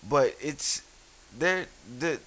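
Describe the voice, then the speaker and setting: A man's voice: a little high, expressive, extremely slow, a bit bright. A man in casual podcast chat, loose and profane, telling stories with friends. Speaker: podcast co-host.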